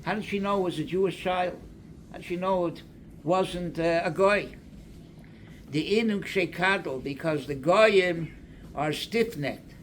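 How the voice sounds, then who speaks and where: An older man, a rabbi delivering a slow, deliberate sermon that mixes Hebrew and Aramaic quotations into English. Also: sits high, a bit bright, slight background noise.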